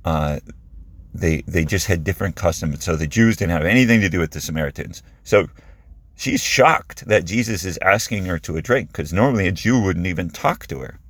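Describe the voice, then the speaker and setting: A man's voice: low-pitched, moderate pace, a bit bright, slightly rough, dry recording. A man preaching a sermon who retells a Bible story in a conversational, vivid way.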